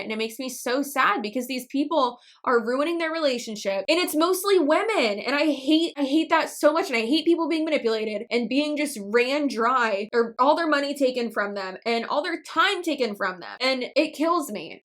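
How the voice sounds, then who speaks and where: A woman's voice: high-pitched, lively intonation, normal speed, hardly any pauses, fairly bright tone. A young woman giving blunt, sassy vlog commentary, swearing freely and tearing up as she talks. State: teary and emotional. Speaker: anti-MLM commentator.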